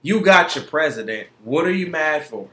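A young man hosts his own podcast in a heated, profane rant. His voice sits high and sounds bright and forceful. The recording carries a roomy echo. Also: lively intonation, moderate pace, slight background noise. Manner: heated, profane, emphatic, repeats himself. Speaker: podcast host. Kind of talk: solo opinion podcast rant.

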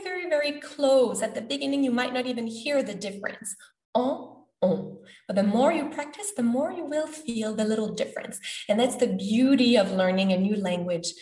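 A woman's voice: fairly high pitch, darkish tone. Patient woman teaching sounds. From Quebec. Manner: patient, demonstrates sounds slowly. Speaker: French pronunciation teacher. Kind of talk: podcast lesson. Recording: roomy, from a distance.

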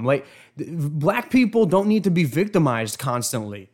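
A man's voice: a little high, sing-song, moderate pace. A man hosting an opinion commentary on video clips, indignant and emphatic, often stumbling and repeating words. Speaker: show host.

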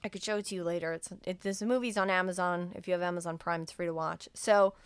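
A woman hosting a podcast, casually retelling a horror film in an animated way, acting out the characters' lines with swearing and laughter. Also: fairly low pitch, fast talker, smooth, no echo. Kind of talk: casual chat.

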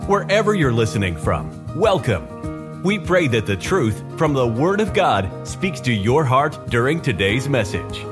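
A man's voice: medium pitch, big pitch swings, measured pace. A man reading a scripted, welcoming podcast intro for a church ministry. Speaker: podcast announcer. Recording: spoken over guitar music.

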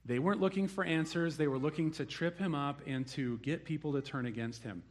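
A man's voice: a little high, brisk. A man preaching a sermon, telling the story with animation and acting out the people he quotes. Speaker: pastor.

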